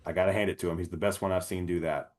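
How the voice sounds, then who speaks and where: A man co-hosting a movie podcast in casual, profane, animated chat, laughing often. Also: deep voice, rapid-fire. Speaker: podcast co-host.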